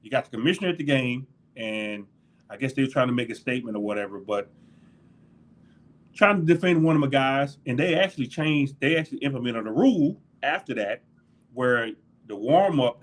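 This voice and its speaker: A man's voice: mid-range voice, a little fast. A middle-aged man, a former football linebacker, telling locker-room stories in a casual interview, laughing often and acting out what others said. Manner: animated storyteller, laughs often, acts out quotes. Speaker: former NFL linebacker, guest.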